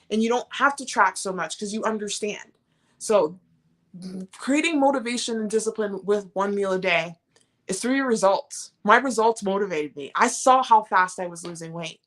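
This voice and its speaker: Bright-voiced woman hosting a live chat. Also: medium pitch. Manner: warm, encouraging, reads chat comments aloud. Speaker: live stream host. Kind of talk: casual live-stream chat.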